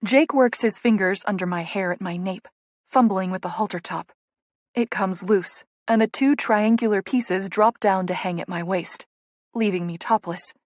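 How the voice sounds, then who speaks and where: A woman's voice: medium pitch, normal speed, dry recording. Woman narrating an intimate romance audiobook. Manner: intimate, playful. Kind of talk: first-person romance narration.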